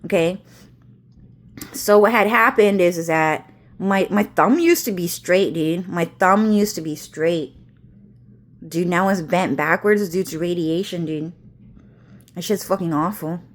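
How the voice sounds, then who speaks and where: A woman's voice: lowish voice, a little slow, long pauses. Woman on a profane rambling rant. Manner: heavy swearing, agitated, repetitive. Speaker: vlogger. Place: at home.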